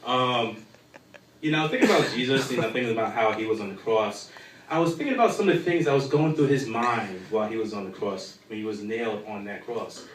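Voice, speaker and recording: A man's voice: on the low side, a little fast, a little hiss or hum. Young man, stand-up comedy, crude and rambling, lots of ums, echoing room, distant mic. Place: live comedy show in a bar. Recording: echoey room from far off.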